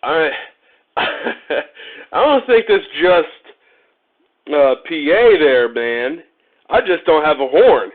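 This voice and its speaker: A man's voice: a little high, animated, takes it slowly, pauses often. Joking man on a tinny, phone-like line. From Ohio, USA. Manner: joking, laid-back, chats to viewers while working, laughs often. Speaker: motorcycle vlogger. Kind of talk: casual live-stream chat while wiring a motorcycle. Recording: phone-like narrow-band audio.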